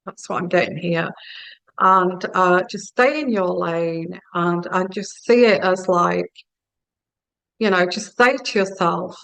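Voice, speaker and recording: A woman with a gravelly, creaky voice gives a spoken tarot reading. She muses slowly and speaks straight to the listener as she gives her advice. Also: fairly low pitch, a bit bright, poor audio. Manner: slow, musing, addresses the listener directly. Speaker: tarot reader.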